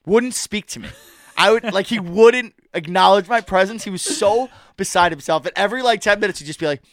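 A young man with a slightly high voice tells a party story in a loose, swearing podcast chat. He jumps into his friends' voices as he goes. The sound is dry and close. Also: a little fast, no echo. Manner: animated, profane storyteller who acts out friends' lines. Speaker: podcast co-host.

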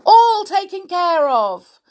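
A woman voicing an excitable, reformed little male storybook character, eager and breathless. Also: sits low, a little slow, creaky, husky, heavily acted. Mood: excited.

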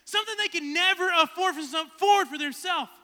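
A man in his twenties, a pastor telling a casual, animated story in a sermon that builds to fervent preaching. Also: extremely high pitch, a little fast, no room sound. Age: 20s.

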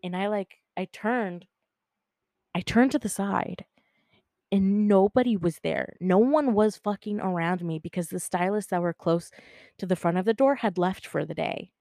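A woman's voice: mid-range voice, normal speed, mellow, no echo, clean studio sound. A woman casually telling a personal story, chatty and full of fillers, swearing freely and acting out the dialogue. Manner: acts out dialogue in quotes.

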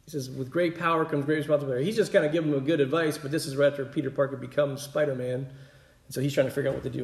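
A man's voice: medium pitch, steady tone, rapid-fire, vocal fry, roomy sound. A man preaching a sermon in a conversational way, often checking in with his listeners. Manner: conversational, keeps asking "right?".

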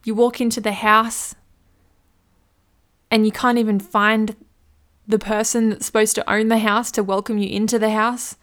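A woman's voice: fairly high pitch, little pitch movement, moderate pace, pauses often, fairly bright tone. A woman hosting a solo business podcast, chatty and playful, acting out little scenes as she gives advice. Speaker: podcast host, business coach.

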